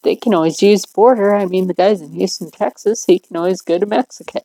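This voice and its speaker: A woman's voice: medium pitch, fairly quick, mellow, slightly rough, no room sound, rough recording. A middle-aged woman hosting a livestream, rambling along in casual chat and laughing often. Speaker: livestream host.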